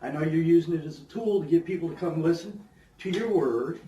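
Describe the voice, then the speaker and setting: A man's voice: fairly high pitch, a little fast, warm tone, echoey room, a little hiss or hum, low-quality recording. A man acting as a judge, speaking firmly and admonishing the person in front of him. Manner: firm, admonishing. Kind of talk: courtroom exchange.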